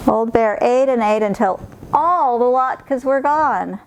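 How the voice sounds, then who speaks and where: A woman reading a picture book aloud in a calm, clear storytelling manner. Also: fairly high pitch, slow pace, a little hiss or hum. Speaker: storybook reader.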